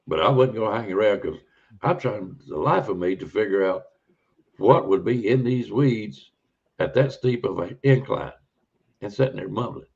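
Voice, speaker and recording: A man's voice: fairly low pitch, creaky. A man, a podcast guest telling a rambling, folksy encounter story in a casual way. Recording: dull lo-fi audio.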